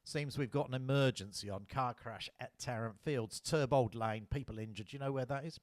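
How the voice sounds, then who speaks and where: Brisk, clipped English woman inspector, commanding and a touch higher as a man puts her on; dry storybook read. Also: no echo, lightly acted. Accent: English, put on.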